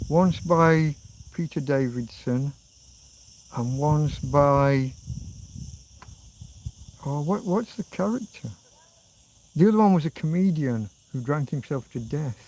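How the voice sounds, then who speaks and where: A middle-aged man with a somewhat high voice chats idly through a livestream, reading viewer comments aloud and answering them as he goes. He is recorded outdoors in the countryside. Faint insect noise hums behind him. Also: slow pace, long pauses, darkish tone, poor audio. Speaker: livestream host. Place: outdoors in a rural spot.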